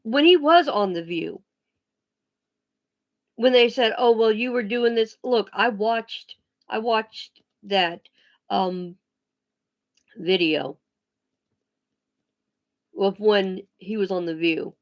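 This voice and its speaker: A woman ranting bluntly on a casual vlog, swearing freely and often restarting her sentences. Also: mid-range voice. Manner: blunt, profane, emphatic; halting restarts and pauses. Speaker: vlogger.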